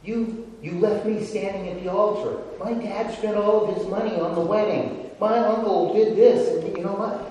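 A man's voice: sits high, steady tone, moderate pace, hardly any pauses, mellow, a little hiss or hum, voice pushed up, natural voice. A man voicing a jilted bride indignantly accusing her runaway groom. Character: jilted angry bride, woman. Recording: echoey hall from far off.

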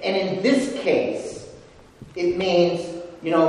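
Slow-preaching man in an echoey hall. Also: high voice, darkish tone, distant mic, a little hiss or hum. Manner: storytelling, acting out scripture and film scenes. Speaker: pastor. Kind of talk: sermon.

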